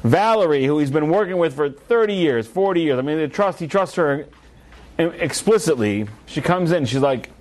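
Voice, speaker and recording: High-voiced man telling a story in a class. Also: moderate pace, slight background noise. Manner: animated, humorous storytelling. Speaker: rabbi teaching a class.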